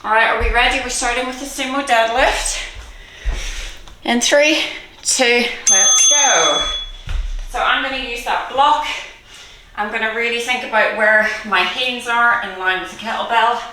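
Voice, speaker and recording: A woman's voice: a little high, steady tone, normal speed, sharp tone, a little hiss or hum. A woman leading a guided workout as a fitness instructor, counting reps aloud with an encouraging manner and frequent laughs. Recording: very echoey room, mic far off.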